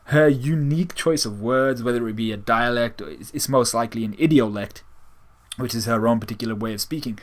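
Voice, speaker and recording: Male manga reviewer, casual and animated, restarts a lot, middle-pitched voice. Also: brisk. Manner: animated, acts out quotes with laughs and slang; frequent restarts and swearing.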